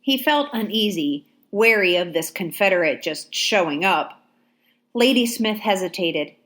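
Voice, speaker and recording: Steady and calm, a woman with a mid-range pitch reads an audiobook. Her measured delivery keeps the storytelling pace clear.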